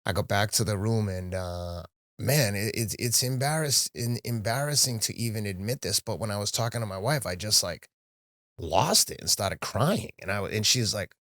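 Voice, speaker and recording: A middle-aged marathon runner, guesting on a podcast, speaks briskly in a lowish voice with clean studio sound and no echo. Candid and animated in casual conversation, he often acts out what he said to himself and to others.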